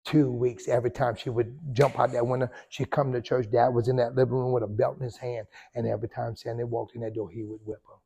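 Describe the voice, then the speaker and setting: A male pastor, preaching a sermon and telling a story with sudden loud surges and hushed drops. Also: mid-range voice, flat delivery, quick pace, creaky, few pauses, slightly rough.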